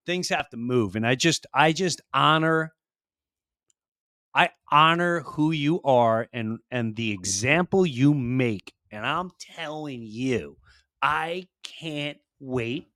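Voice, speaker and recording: Emphatic podcast host, dry close sound. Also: male voice, medium pitch, expressive, takes it slowly, no room sound. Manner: warm-hearted, emphatic, repeats himself. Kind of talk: casual podcast interview.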